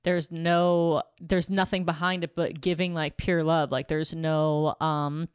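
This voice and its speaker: A woman's voice: low voice, level tone, unhurried, clear, resonant tone, dry recording, studio quality. A young woman in casual chat as podcast co-host, frank and swearing freely, full of "like" fillers.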